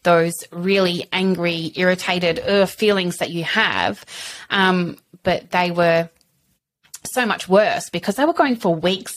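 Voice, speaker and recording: A woman, a podcast guest telling her story frankly, full of fillers. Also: fairly low pitch. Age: 30s. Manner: chatty, frank, lots of fillers. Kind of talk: candid personal interview.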